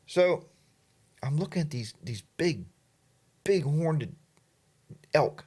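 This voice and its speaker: A man's voice: fairly high pitch, lively intonation, takes it slowly, long pauses, a little mellow, slightly rough. Chatty middle-aged man hosting a livestream. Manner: rambling, chatty, with many fillers and asides. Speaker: livestream host. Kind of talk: casual storytelling while reading chat.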